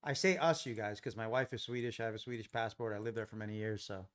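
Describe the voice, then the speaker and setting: A middle-aged American man from Los Angeles runs a live trading stream in a casual, rambling way. He thinks out loud and answers viewers in the chat, recorded on a desk mic in a home office. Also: lowish voice, fairly even intonation, fast, clear, resonant tone. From Los Angeles, USA. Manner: chatty, thinks aloud, talks to chat viewers.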